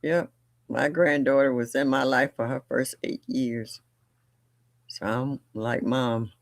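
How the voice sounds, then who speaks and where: An older woman hosting a livestream, chatting casually and bluntly, telling family stories with animated delivery and laughter. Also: a bass voice, slow, no room sound, clean studio sound. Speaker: livestream host. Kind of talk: casual storytelling chat.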